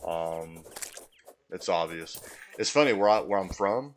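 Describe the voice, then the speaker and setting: A man's voice: low-pitched, expressive, a little slow, a little hiss or hum. A man with a mild Southern US accent, live-streaming a game in casual chat, reading and answering chat and easily amused.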